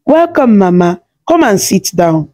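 A woman's voice: mid-range voice, sing-song, unhurried, warm tone. A woman voicing a cheerful, playful young village wife in a storybook tale. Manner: friendly, teasing.

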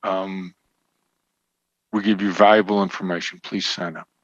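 A man as an interview guest, explaining negotiation points in a measured, emphatic teaching tone. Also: low voice, level tone, dry recording. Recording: dull, slightly lo-fi sound.

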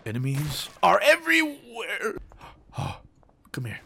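Young-sounding gaming host, mid pitch, very lively delivery, teasing and mock-serious. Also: male voice, moderate pace, creaky, slight background noise. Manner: mock-serious war narration broken by excited outbursts; jokey, teasing. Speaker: gaming YouTuber. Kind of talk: gameplay commentary.

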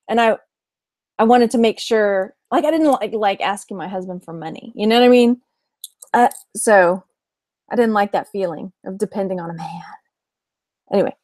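A Texan woman in her thirties, a reseller who hosts vlogs, chats casually on a live stream, giggling a lot and reading viewer comments out loud. Her voice is fairly high and a little mellow, captured in a dry, studio-quality recording.

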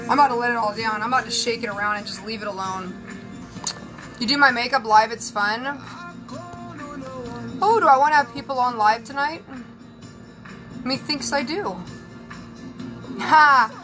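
A woman's voice: a little high, normal speed, long pauses, music in the background, low-quality recording. A woman with a Southern US accent, a psychic and spiritual advisor chatting candidly with viewers on a live stream while she does her hair and makeup. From Southern United States. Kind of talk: casual live-stream chat.

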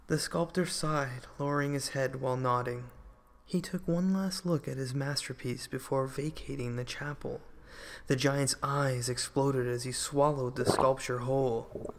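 A man reading a children's story aloud in a measured storytelling manner. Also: mid-range voice. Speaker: audiobook narrator.

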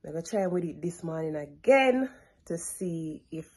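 A young woman, chatting casually to her vlog audience at home and coaxing her toddler in a soft, sing-song voice. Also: lowish voice, expressive, normal speed. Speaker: vlogger mother. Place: home, kitchen and bathroom.

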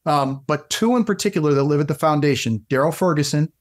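A middle-aged man, a fitness coach guesting on a podcast, telling stories in an animated way with frequent restarts. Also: on the high side, quick pace. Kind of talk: casual storytelling interview.

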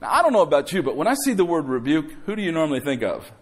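This middle-aged pastor races through his sermon, his high voice very animated. He presses the congregation to say amen, sprinkling in conversational asides and rhetorical questions.

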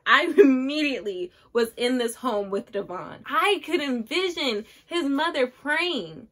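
A woman's voice: high-pitched, big pitch swings, measured pace, hardly any pauses, fairly bright tone. A woman in her twenties chatting casually and emphatically to her viewers as she reviews a book on camera. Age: 20s. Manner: emphatic, gushing, talks straight to viewers. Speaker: book vlogger.

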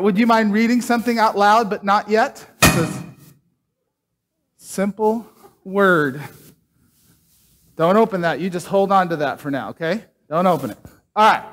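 A man's voice: sits high, fairly bright tone. A man preaching a casual sermon, chatting and joking with the congregation while doing a trick.

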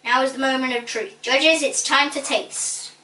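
A showy cooking show presenter, voiced by a woman, calling out countdowns like a showman. The bright voice rings through a roomy space from away from the mic. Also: high voice, steady tone, moderate pace. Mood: announcing. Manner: announcing, showman-like. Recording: roomy echo, distant mic.

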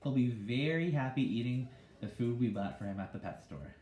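A man voicing a firm, proper mother who speaks in measured tones. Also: medium pitch, warm tone, lightly acted. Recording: echoey room.

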